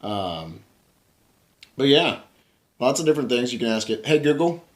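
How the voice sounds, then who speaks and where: A man's voice: medium pitch, animated, moderate pace. A man giving a casual tech review at home, rambling with lots of fillers and frequent chuckles.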